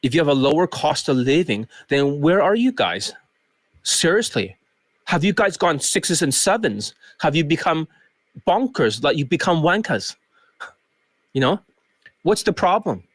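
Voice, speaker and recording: A man's voice: fairly high pitch, sing-song, unhurried, long pauses, no room sound. A man coach talking in a rambling, joking vlog rant. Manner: rambling, joking, slips into mock accents.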